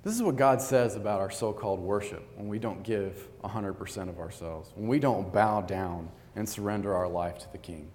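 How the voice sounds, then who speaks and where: A man's voice: on the low side, normal speed, few pauses, a little mellow, big-room sound. A man preaching a sermon, reading scripture aloud and telling stories in an earnest, conversational way.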